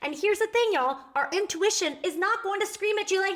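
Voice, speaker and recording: High-voiced earnest woman coach. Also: fairly quick, very noisy. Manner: chatty and earnest, animated with "like" and "y'all". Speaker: coach for highly sensitive people. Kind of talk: casual advice talk to camera.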